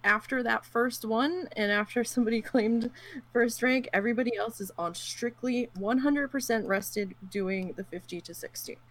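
A woman chatting casually about gaming, telling her stories with animated quotes and a lot of fillers. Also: on the high side, moderate pace. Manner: animated storyteller who acts out quotes; frequent fillers and laughs.

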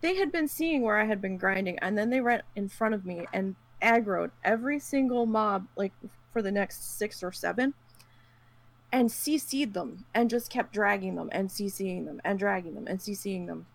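A woman chatting casually about gaming, telling her stories with animated quotes and a lot of fillers. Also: mid-range voice, normal speed, vocal fry. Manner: animated storyteller who acts out quotes; frequent fillers and laughs.

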